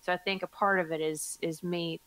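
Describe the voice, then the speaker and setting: A woman's voice: lowish voice, steady tone, fairly quick, a bit bright, no echo. Laughing woman podcast host, dry sound. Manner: playful, laughs often. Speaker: podcast host asking the questions. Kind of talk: casual chat.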